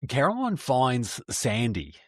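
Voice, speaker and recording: A man's voice: mid-range voice, wildly swooping pitch, slow, no room sound, studio quality, soft background music. A man, co-hosting a casual podcast and telling the story loosely, laughing often. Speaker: podcast co-host.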